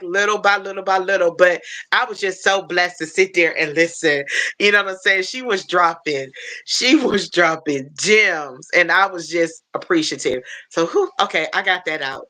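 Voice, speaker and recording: A woman hosts a relaxed livestream chat in a mid-range voice with a sharp edge. Chatty and rambling, she restarts frequently and speaks with open, heartfelt emotion.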